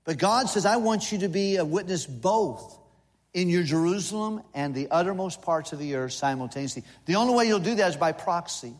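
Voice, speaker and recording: A visiting missionary preacher in his sixties delivers an animated, fairly quick sermon in a high voice, the sound filling a large hall. Standing in a church sanctuary, he stays folksy and humorous, tossing in lists and playful asides.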